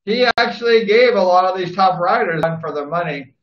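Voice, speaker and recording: High-voiced man rambling in a roomy space. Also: lively intonation, brisk, a bit bright. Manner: rambling, repetitive, enthusiastic. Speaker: speedway fan reminiscing. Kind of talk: casual spoken tribute. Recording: roomy, dull lo-fi recording.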